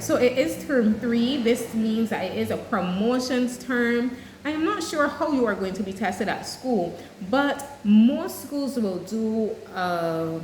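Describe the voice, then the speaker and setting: A woman teacher talks her students through an English lesson, clear and explanatory. Her voice sits at a middle pitch. The room adds a noticeable echo, with a faint hiss of ambience behind her.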